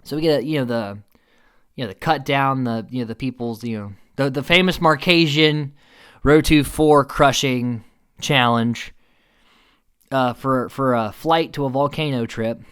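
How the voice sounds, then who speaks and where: A man giving a casual, opinionated recap commentary, animated and swearing, with many fillers. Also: medium pitch, measured pace, clear, resonant tone.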